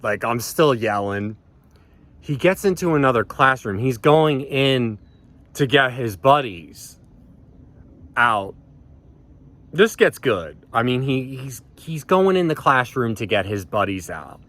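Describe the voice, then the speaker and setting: Slow but animated, a vlogger with a mid-range, slightly bright voice shares a story from his life. He meanders, swears a lot, and frequently stops to begin sentences anew, filling gaps with ums.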